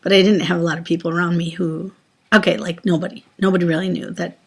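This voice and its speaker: Speaking quickly in a fairly low voice with a breathy edge and little pitch movement, a former teacher recounts her personal faith journey as a Christian. Her telling is casual and rambling, packed with fillers and restarts.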